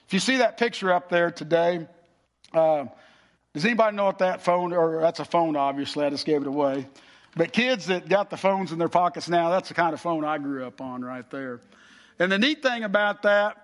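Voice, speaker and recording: Middle-aged male pastor, high bright voice, folksy sermon storyteller. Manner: folksy storytelling, repeats words.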